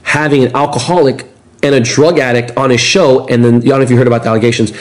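Podcast guest, male, animated storyteller, profane, acts out the other people in his stories. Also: medium pitch, fast. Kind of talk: casual storytelling.

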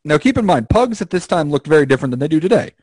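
A man's voice: racing, husky, no room sound. A man co-hosting a podcast in casual chat, telling stories and acting out the quotes with big swings in his voice. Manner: animated storyteller, acts out quotes with jumps in pitch. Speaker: podcast co-host.

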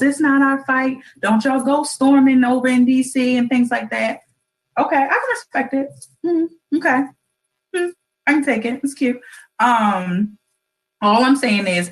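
Her voice sits in the middle range with a touch of brightness, and the recording quality is poor. As an internet radio host running a casual livestream talk show, she talks easily to her audience, tossing out cheesy jokes and plenty of "y'all."

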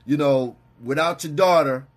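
A man's voice: on the high side, normal speed. A man hosting a casual interview, easygoing, often restarting his words and tagging "man" onto them. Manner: stammering restarts, easygoing, says "man" a lot. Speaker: podcast host.

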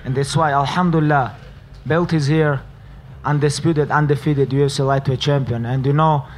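A man's voice: a little high, steady tone, moderate pace, a little hiss or hum. Earnest man in broken English. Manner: earnest, non-native English grammar. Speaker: fighter. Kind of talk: interview answers.

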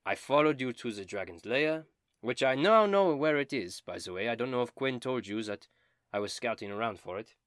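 A man's voice: mid-range voice, moderate pace, dry recording, clean studio sound, voice pushed up, close to an everyday voice. A man doing a pompous bard. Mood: scheming. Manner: formal, self-important, excitable. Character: scheming male bard, polite and ambitious.

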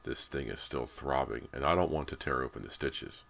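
A man with a very deep voice plays a laid-back middle-aged dad. He talks in an easygoing, casual way, and it sounds much like the narrator's own low, plain reading voice. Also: normal speed, vocal fry, fairly bright tone, exaggerated voice.

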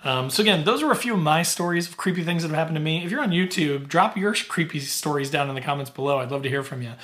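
Middle-aged male podcast host, loose chatty storyteller, bright and forceful tone, pitch a touch high. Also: quick pace. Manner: chatty, filler-heavy, laughs easily. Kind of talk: casual storytelling.

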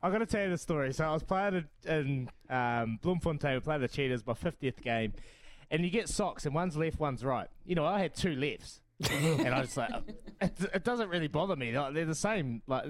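A man's voice: fairly high pitch, animated, normal speed. A New Zealand man hosting sports radio, a former rugby player who jokes, laughs often and bounces through stories. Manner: jokey, laughs often, does voices of mates in stories. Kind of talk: casual sports radio banter.

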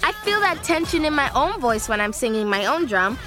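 A woman's voice: high voice, big pitch swings, fairly quick. A woman co-hosting a kids' music lesson, bubbly and curious.

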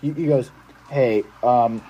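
A man's voice: mid-range voice, slow pace, muffled recording, a little hiss or hum. Young guy telling a wild story. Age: young adult. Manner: animated, swears, acts out his own outbursts. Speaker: former camp counselor. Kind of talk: casual storytelling.

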